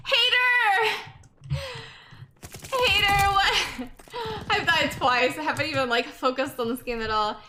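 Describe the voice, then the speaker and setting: Bubbly high-voiced young woman streamer. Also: big pitch swings, normal speed, few pauses, sharp tone, a little hiss or hum. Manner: bubbly, laughs often, reads chat aloud. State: sleep-deprived. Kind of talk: casual live-stream chat.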